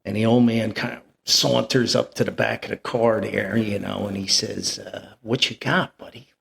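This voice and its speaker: A man's voice: lowish voice, level tone, normal speed, gravelly, fairly bright tone. An older man, telling a rambling, chuckling family anecdote as a podcast host. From New Jersey. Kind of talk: anecdotal storytelling.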